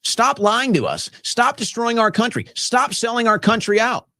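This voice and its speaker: A man's voice: very high-pitched, sing-song, normal speed, no room sound. A man hosting a talk show, delivering a heated, sarcastic political rant with mocking asides. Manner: sarcastic, mocking, shouting at times.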